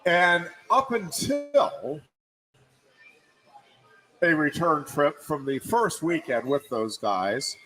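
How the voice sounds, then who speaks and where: Man, middle-aged, radio co-host, measured delivery, dry understated humor, frequent uh fillers. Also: on the high side, lively intonation, sharp tone, soft background music, rough recording. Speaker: co-host, wrestling play-by-play voice. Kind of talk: casual sports radio chat.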